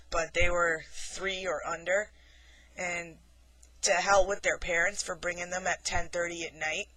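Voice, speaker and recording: A haunted hayride scare actor recounts the night in a casual vlog monologue. The delivery is animated and sarcastic, with quoted lines acted out. The voice is bright and of middle pitch. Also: low-quality recording. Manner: animated storyteller acting out quotes.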